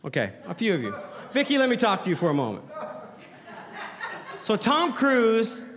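A man preaches with a lively, rising and falling voice that sits a little high for a man. He jokes and bantering with the people in front of him, speaking into a handheld mic. The sound rings out with the long reverb of a church hall. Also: moderate pace, crowd noise. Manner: playful, jokes with the congregation. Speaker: pastor. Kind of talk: sermon.

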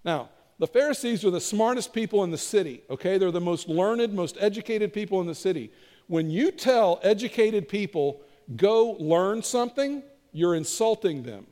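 A man with a high voice delivers a sermon in a relaxed, chatty storytelling manner, slipping into the voices of the people he quotes. His words ring out with a long reverb, as in a large church hall. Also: normal speed. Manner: conversational storytelling with acted quotes. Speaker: pastor.

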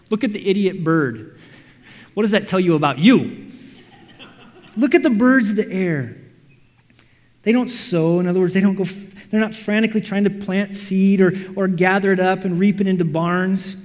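A man preaching a sermon, animated, acting out quotes and everyday scenes. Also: high-pitched. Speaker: pastor. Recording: reverberant hall.

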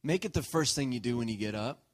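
Male pastor, relaxed sermon delivery, playful with the congregation. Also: medium pitch, fast talker. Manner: joking, checks in with the congregation. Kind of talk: conversational sermon.

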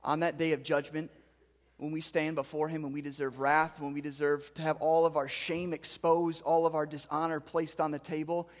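A man with a high voice delivers a sermon, moving from scripture reading into explanation. He drives his points home through repeated, emphatic phrases. His voice carries a long reverberant tail, as in a large hall. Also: flat delivery, moderate pace. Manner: reads scripture then preaches with rising emphatic repetition. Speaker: pastor.

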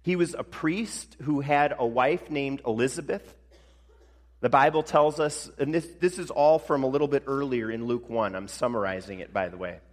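A male pastor preaching a sermon in a conversational way, slowing down for emphasis. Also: medium pitch. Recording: long reverb of a large hall.

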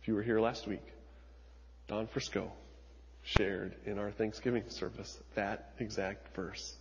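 A man preaching a sermon as pastor, retelling scripture dramatically, moving from hushed lines to emphatic ones. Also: lowish voice, fairly even intonation, a little slow, long reverb tail, muffled recording, a little hiss or hum.

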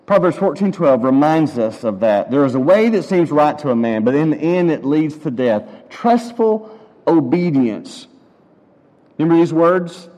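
A man delivers a sermon with an animated, rising and falling voice that sits a little above the usual male pitch. He slows right down to lean on key words, measured and deliberate. The sound carries a long reverb, as if from a large church sanctuary. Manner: measured, with slow drawn-out emphasis. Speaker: preacher.

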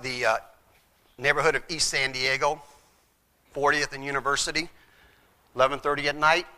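A man's voice: medium pitch, sharp tone. A middle-aged man, a former chaplain, telling his faith testimony in an earnest storytelling way and acting out the voices in his story.

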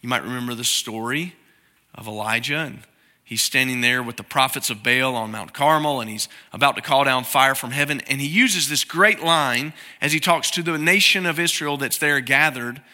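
A middle-aged man preaching a sermon in a conversational way, now and then acting out prayers in a softer, lower voice. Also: normal speed. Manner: conversational preaching, acts out quoted prayers in a soft low voice. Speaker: pastor.

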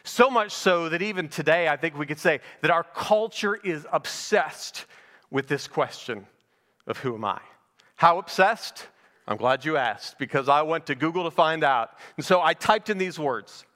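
A man's voice: fairly high pitch, lively intonation, moderate pace, sharp tone, in a large hall. A middle-aged male pastor giving a conversational verse-by-verse sermon, asking rhetorical questions as he goes. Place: church sanctuary.

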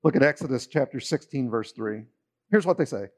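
A man's voice: medium pitch, lively intonation, brisk. A middle-aged man preaching a sermon in a conversational way, often putting questions to his listeners. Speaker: pastor.

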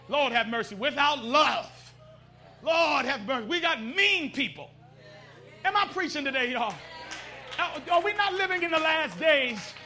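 Fervent male preacher, high and sharp, middle-aged, drives the congregation with call-and-response. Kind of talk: sermon.

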